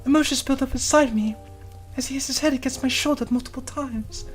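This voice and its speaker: A woman voicing a gentle, devoted young woman in a visual novel, narrating softly in first person and comforting someone she loves. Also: high voice, fairly quick, faint music behind, close to an everyday voice. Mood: tender. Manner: soft, tender, hushed delivery.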